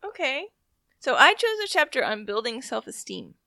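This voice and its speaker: A woman joining a casual podcast chat, playful and teasing. Her voice is bright and fairly high, recorded dry and close. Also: sing-song, normal speed, creaky, dry recording. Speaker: podcast co-host.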